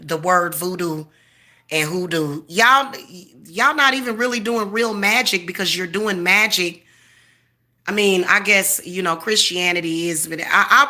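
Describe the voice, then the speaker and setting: Woman, 40s, bright tense tone, mid-height voice, profane confrontational rant, boastful, defiant. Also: medium pitch. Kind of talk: ranting monologue to camera.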